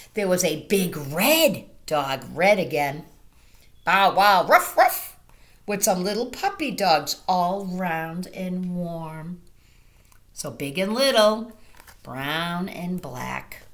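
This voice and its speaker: Slow, lively storytime teacher woman. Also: lowish voice. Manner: slow, sing-song and gently animated, addressing children directly. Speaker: teacher reading a picture book to children. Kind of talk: children's storytime read-aloud.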